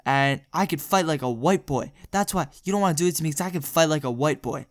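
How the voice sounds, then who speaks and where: Pushy, excitable street singer, high and urgent, fast bursts, voiced by a man. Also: dry recording, studio quality, lightly acted. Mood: indignant. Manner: insistent, excitable.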